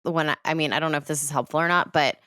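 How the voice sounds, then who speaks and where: Deep, smooth-voiced woman musing. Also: fairly even intonation, very fast, sharp tone, no room sound, clean studio sound. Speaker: podcast co-host. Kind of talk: casual chat.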